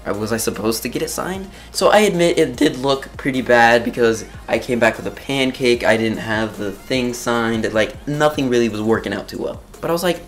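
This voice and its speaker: A teenage boy telling a school story in a casual, excitable way, exaggerating and laughing often. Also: mid-range voice, moderate pace, hardly any pauses, faint music behind. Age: teens.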